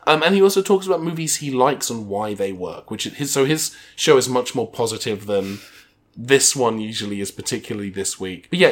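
A man co-hosting a movie podcast, wry and chatty as he makes plugs and jokes. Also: medium pitch. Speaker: podcast co-host. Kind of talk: casual chat.

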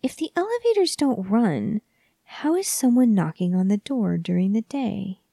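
A woman narrating a horror story in a soft, hushed, often whispery voice, measured and calm. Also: mid-range voice, vocal fry, no echo.

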